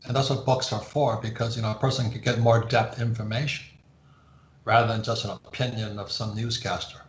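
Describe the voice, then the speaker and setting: An older man, an author guest in a casual interview, talking in a slow, musing way that trails off quietly. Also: fairly low pitch, flat delivery, reverberant.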